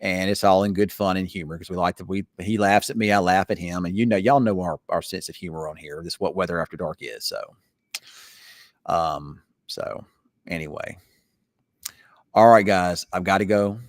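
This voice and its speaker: Weather host, casual late-night chat, rambling and teasing, low dry voice. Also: male voice, moderate pace, no room sound.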